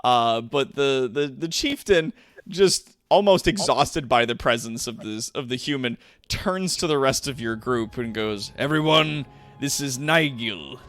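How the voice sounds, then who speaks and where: Man, game master, tabletop narration, relaxed, lively pitch. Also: measured pace, no room sound. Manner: relaxed, with frequent fillers.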